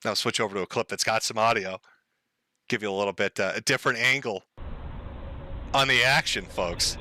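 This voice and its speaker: A man's voice: on the low side, fairly quick, sharp tone, dry recording. A man hosting a live stream, giving sarcastic, mocking commentary and laughing often.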